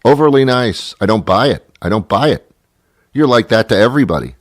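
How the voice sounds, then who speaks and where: Low-voiced man ranting on talk radio. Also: very animated, brisk, dry recording, studio quality. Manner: exasperated, sarcastic storytelling with mock-pedantic asides. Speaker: radio talk show host. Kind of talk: comedic rant.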